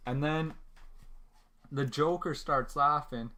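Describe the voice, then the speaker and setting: A man co-hosting a casual podcast, retelling a story in a relaxed, unhurried manner. His voice sits at an ordinary middle pitch. He takes his time over each phrase. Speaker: podcast co-host.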